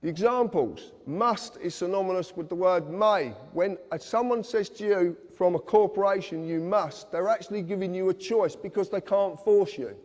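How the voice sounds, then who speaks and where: A man's voice: sits high, moderate pace, few pauses, a little mellow. A man giving an earnest, insistent lecture to a live audience, speaking directly to his listeners. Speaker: public speaker. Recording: long reverb of a hall.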